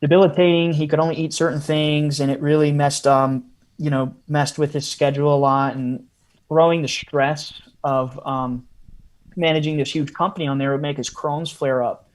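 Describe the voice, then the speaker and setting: A man's voice: a little high, level tone, moderate pace. A man, a podcast guest, telling a long story in a casual interview style with frequent asides.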